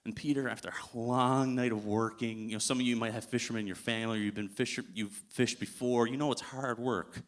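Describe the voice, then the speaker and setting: A man's voice: mid-range voice, fairly even intonation, brisk, hardly any pauses. Casual, chuckling male guest preacher. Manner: casual storytelling, chuckles often. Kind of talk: sermon. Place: church.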